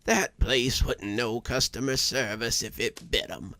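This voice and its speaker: A man voicing a frail, sickly old widow in a storybook reading, speaking slowly in a raspy, wheezing voice. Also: medium pitch, sharp tone, dry recording. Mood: scolding. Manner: slow, drawn-out delivery. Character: frail, sickly old widow who runs a shop, stubborn and proud.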